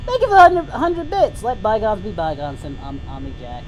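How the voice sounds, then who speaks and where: A woman streaming a horror game in character as a cheerful, naive male hero, yelling and pleading at the monsters on screen. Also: medium pitch, animated, fairly quick, slight background noise, close to an everyday voice, poor audio. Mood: flustered. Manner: jumpy, yelling and pleading at the game's animatronics.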